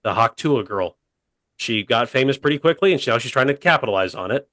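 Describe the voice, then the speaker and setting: A man telling a funny story on a podcast in a deadpan, rambling way, full of fillers. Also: medium pitch, a little fast, no room sound. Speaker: podcast co-host. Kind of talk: casual comedic storytelling.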